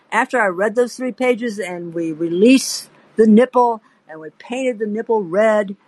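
A podcast host and narrator with a medium-pitched voice tells a first-person story with theatrical flair, acting out quoted voices and playfully addressing the listener directly. The recording is dry and low quality.

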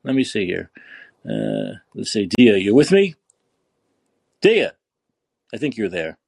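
A man's voice: on the low side, wildly swooping pitch, slow, creaky, a little mellow, husky. A man hosting a podcast, ranting angrily and profanely, sounding tired and upset. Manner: profane, scornful. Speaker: podcast host. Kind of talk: angry political rant.

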